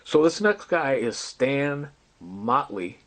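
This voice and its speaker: A man's voice: medium pitch, big pitch swings, takes it slowly, fairly bright tone. A man telling a long, rambling story in an agitated way, often quoting other people's words. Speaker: storyteller recounting personal grievances. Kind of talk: rambling recorded monologue.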